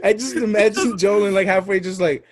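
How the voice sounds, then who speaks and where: A man's voice: high-pitched, steady tone, brisk, crowd noise. A man hosting a casual podcast, goofy and hyped, joking around with a put-on accent. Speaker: podcast host.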